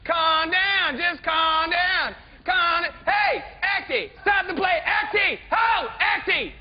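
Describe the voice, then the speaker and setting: A man playing a foul-mouthed president who shouts and heckles during a play, in a muffled archival comedy recording. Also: very high voice, takes it slowly, a faint crowd. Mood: mocking. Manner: shouting, profane, belligerent.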